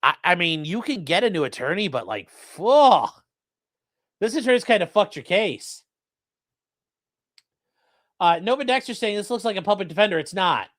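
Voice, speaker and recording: A male attorney hosting a live crime stream, riffing on court footage with swearing, jokes and quick put-on voices. His pitch leaps around and his tone is bright and forceful. He is close on the mic in a dry, dead-sounding room. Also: no room sound. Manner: animated, profane, joking, does voices.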